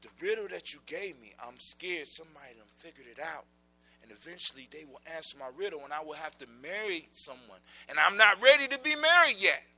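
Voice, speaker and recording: Un hombre haciendo de una princesa inquieta. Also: male voice, on the high side, expressive, fairly quick, pushed and bright, voice pushed down, exaggerated voice, rough recording. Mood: worried. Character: young princess, proud and worried.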